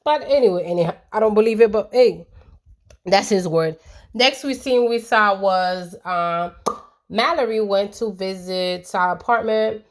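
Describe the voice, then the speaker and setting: A woman's voice: medium pitch, measured pace. Chatty opinionated woman recapping a show. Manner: chatty, opinionated, colloquial with frequent fillers. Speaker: TV reality show reviewer. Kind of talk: casual recap chat.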